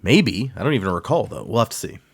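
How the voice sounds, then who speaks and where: A man's voice: on the low side, sing-song, quick pace, creaky, slightly rough, no echo, clean studio sound. A man co-hosting a podcast, animatedly retelling a book's plot in casual chat and often laughing. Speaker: podcast co-host. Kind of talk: casual book discussion.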